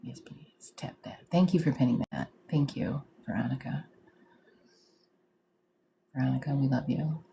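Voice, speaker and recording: A woman's voice: a bass voice, fairly quick, vocal fry, mellow, a little hiss or hum. A woman hosting a live stream as a psychic medium, chatting casually in slang, greeting viewers and laughing often. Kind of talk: casual livestream chat.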